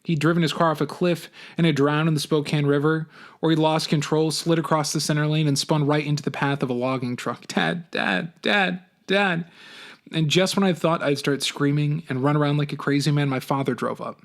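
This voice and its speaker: A man, a teacher, reading a novel aloud for his class, with an expressive, animated first-person delivery. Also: on the high side, fairly quick.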